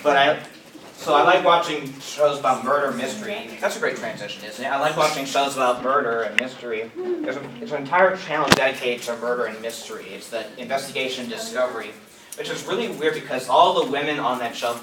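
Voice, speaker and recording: A man's voice: mid-range voice, a little fast, noisy background. A young man doing stand-up at an open mic, rambling and self-mocking, often laughing at his own jokes. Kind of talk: stand-up comedy. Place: small room at an open mic. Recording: echoey room, mic at a distance.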